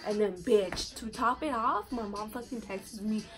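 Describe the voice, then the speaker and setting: A woman's voice: medium pitch, moderate pace. A young woman vlogger telling a casual storytime, full of slang, swearing and 'like' fillers.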